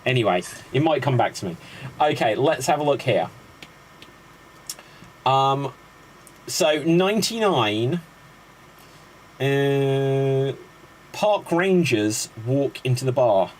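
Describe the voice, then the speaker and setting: A man's voice: mid-range voice, expressive, slow pace, pauses often, slight background noise, rough recording. A man hosting a live improv comedy show, chatty and upbeat as he introduces the games. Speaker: host.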